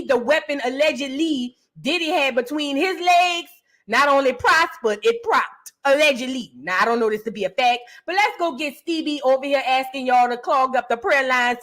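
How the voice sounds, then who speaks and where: A woman with a high voice hosts a casual reaction show. She talks bluntly and crudely, mocking whoever is on screen. Her tone stays sassy and loose. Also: a bit bright. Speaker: commentary host.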